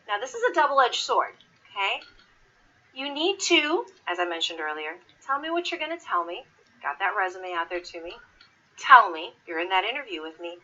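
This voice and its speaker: A woman's voice: medium pitch, normal speed. A woman recruiter giving job interview advice to an audience, acting out quoted people. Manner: animated, acts out quoted people. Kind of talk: lively talk to an audience. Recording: dull lo-fi recording.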